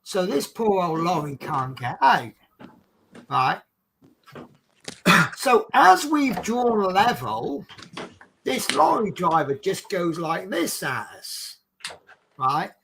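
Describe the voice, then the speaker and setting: A British man, a coach driver, casually telling funny anecdotes on a stream in a chatty, animated way, laughing along at his own stories. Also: high voice, slow, vocal fry, pauses often, slight background noise, low-quality recording. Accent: British English.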